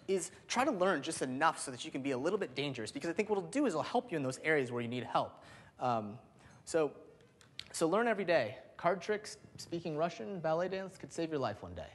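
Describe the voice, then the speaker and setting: A man in his thirties giving an energetic keynote speech, with lots of "um" and "like" fillers. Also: fairly high pitch. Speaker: keynote speaker. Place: large hall. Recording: long hall reverb.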